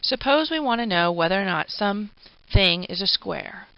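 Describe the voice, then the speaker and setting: A woman's voice: medium pitch, expressive, normal speed, gravelly, smooth, no room sound. A woman giving a recorded philosophy lecture, explaining patiently with informal asides. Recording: dull, dry lo-fi recording.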